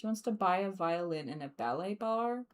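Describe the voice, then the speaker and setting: A young woman with an Australian accent chatting casually while streaming a game, laughing often and filling pauses with ums and likes. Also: fairly low pitch, lively intonation. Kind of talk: casual gameplay commentary.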